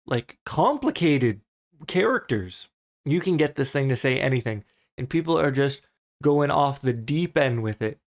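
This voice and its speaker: A young man talks casually on his own podcast at an ordinary middle pitch. His voice is smooth and clear. He muses and second-guesses himself as he works through his thoughts. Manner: thoughtful, musing, self-questioning. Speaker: podcast host. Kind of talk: casual solo commentary.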